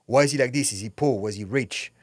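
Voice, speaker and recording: A man's voice: medium pitch, fast, dry recording, studio quality. A middle-aged man, an actor and former fighter, talking candidly as a podcast guest in a blunt, intense way and swearing freely. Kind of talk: candid podcast interview talk.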